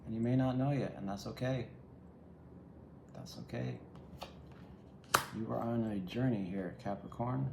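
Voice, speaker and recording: A man's voice: medium pitch, a little slow, creaky, pauses often. A man giving a solo tarot reading, musing and reflective, speaking straight to the viewer. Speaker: tarot reader. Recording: echoey room with faint ambient noise.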